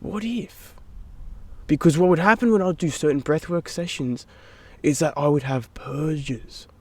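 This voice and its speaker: Animated man telling a story casually. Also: on the high side, a little slow, dry recording. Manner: animated, swears casually, drops into whispers for inner thoughts. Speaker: podcast guest.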